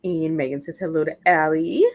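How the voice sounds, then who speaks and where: A woman's voice: sits low, steady tone, a little fast. A young adult woman hosting a casual reading livestream, greeting chat viewers by name one after another and chatting about books and her pets. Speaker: readathon livestream host.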